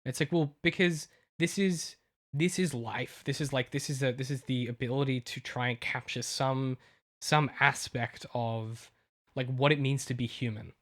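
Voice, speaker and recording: Male co-host, novelist, emotional and rambling, mid-pitched. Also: moderate pace. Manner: emotional, rambling with many restarts. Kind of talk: casual chat.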